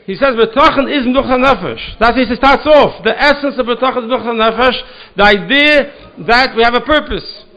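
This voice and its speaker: A man with a high, sharp voice teaches a Torah class as a rabbi, earnest and circling back over his own words as he thinks. The recording is dull and lo-fi, taken in a synagogue study hall. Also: a little fast. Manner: earnest, repeats words as he searches for them.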